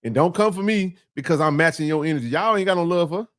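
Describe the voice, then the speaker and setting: A man with a high, bright speaking voice hosts a casual sports talk show. He piles on repetitions and playful trash talk in a dry, close recording. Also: fast, dry recording.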